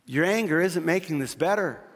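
A middle-aged man preaching a sermon as a pastor, telling a family story with animated energy before dropping to a quiet, earnest plea. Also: a little high. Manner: storytelling, shifting from quick excited retelling to quiet earnest pleading. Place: large church hall. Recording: long reverb of a church hall.

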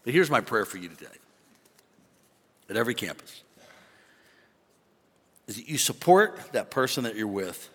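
A man preaching a sermon as a pastor, animated and conversational, joking with the crowd from the stage. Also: medium pitch, normal speed, pauses often, husky, long reverb tail. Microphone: stage microphone.

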